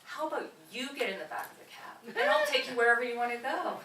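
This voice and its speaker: A woman's voice: on the high side, wildly swooping pitch, fast talker, pushed and bright, a little hiss or hum, voice pushed up, exaggerated voice. A spoiled, fairly arrogant rich young man, read out by a woman in a mumbled, offhand way. The voice sits back in an echoing room, heard from a distance, with faint chatter in the background. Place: bookstore event space. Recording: distant, roomy live reading.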